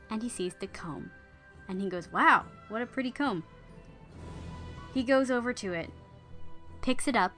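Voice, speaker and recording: Woman retelling a story, chatty, bright voice, lil bit of music in back. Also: medium pitch. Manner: chatty, with wry asides.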